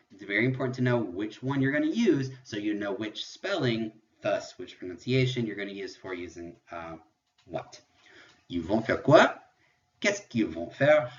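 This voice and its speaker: Patient male French teacher, lo-fi. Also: on the low side. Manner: patient, explanatory, repeats examples slowly. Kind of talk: recorded video lecture.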